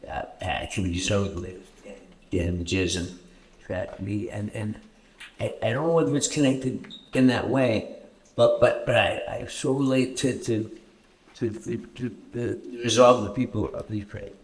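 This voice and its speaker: A man from Canada answering audience questions at a festival screening, halting and repeating words often as he tells stories. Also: on the low side, steady tone. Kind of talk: festival Q&A storytelling. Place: festival stage Q&A.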